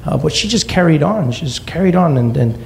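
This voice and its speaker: A man in his thirties from South Africa, telling a stand-up comedy story and acting out quoted voices in sudden high-pitched bursts. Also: expressive, brisk, vocal fry, slight background noise.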